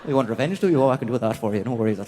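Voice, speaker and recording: A man putting on a gruff Northern Irish friend who offers to get revenge, speaking in a clipped way that barely moves the mouth. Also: mid-range voice, lively intonation, rapid-fire, background noise, pitched below the performer's own voice, natural voice. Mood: menacing. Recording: theatre stage reverb.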